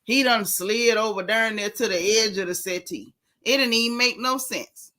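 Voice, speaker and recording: A woman hosts a gossip vlog in a sassy, animated style and hammers her points home with repetition. Her voice is bright and a little high. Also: moderate pace. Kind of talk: casual chat.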